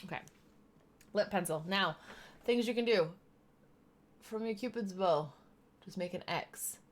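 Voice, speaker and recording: A woman's voice: medium pitch, measured pace. A woman chatting casually while she does her makeup, explaining each step as she goes. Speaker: streamer doing makeup. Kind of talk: casual makeup tutorial chat.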